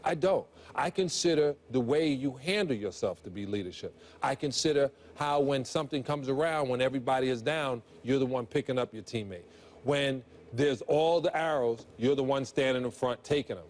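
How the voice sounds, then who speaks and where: A man in his forties with a voice of middling pitch talks sports on a panel show. He makes his case earnestly, often restarting his sentences as he thinks aloud. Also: moderate pace, darkish tone. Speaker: sports analyst. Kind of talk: sports talk show discussion.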